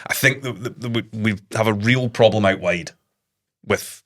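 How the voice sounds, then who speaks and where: Bright-toned football commentator. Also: male voice, on the low side, moderate pace. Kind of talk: football analysis chat.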